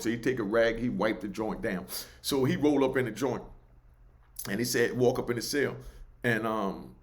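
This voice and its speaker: Animated storyteller. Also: male voice, mid-range voice. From New York. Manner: animated, loose, keeps asking "you know what I mean". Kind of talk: casual oral storytelling.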